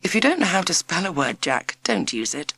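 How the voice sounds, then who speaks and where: A quirky modern witch schoolteacher, as a woman reads her in a storybook, speaking quietly but firmly with a brisk edge. The voice lifts higher and louder than the narration and swings widely in pitch. The recording is dry and close. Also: very animated, breathy edge, dry recording, full character voice. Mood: stern.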